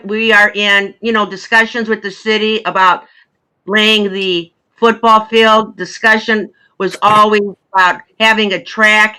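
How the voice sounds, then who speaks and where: A woman's voice: mid-range voice, bright, forceful tone, smooth, rough recording. A woman chairing a school board meeting who firmly holds the floor against interruptions. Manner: firm, repeats herself to hold the floor.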